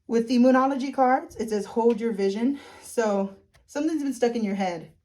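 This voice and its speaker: A woman's voice: on the high side, normal speed, a little mellow. A woman giving a casual, frank tarot reading who laughs often and swears now and then. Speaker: tarot reader.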